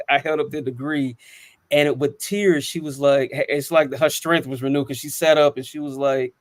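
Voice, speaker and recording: A man's voice: on the high side, fairly even intonation, normal speed, dry recording. A man in his thirties telling personal stories on a panel talk show, earnest and reflective, with frequent ums and restarts. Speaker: co-host.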